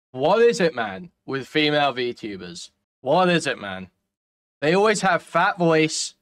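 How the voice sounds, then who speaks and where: A man's voice: fairly high pitch, fairly bright tone. Ranting profane male streamer. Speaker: commentary streamer. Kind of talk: live-stream reaction commentary.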